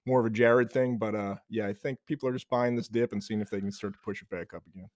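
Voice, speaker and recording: A man's voice: fairly low pitch, fairly even intonation, quick pace, a little mellow, no room sound, studio quality. A man co-hosting a live trading show, reading out company news in an offhand, self-deprecating way. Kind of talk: live market commentary.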